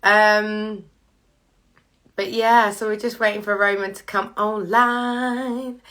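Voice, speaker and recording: A woman's voice: mid-range voice, little pitch movement, slow, a bit bright. A woman hosting a casual live stream from home, chatting bubbly and straight to her viewers over a video call. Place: home living room with piano and candles.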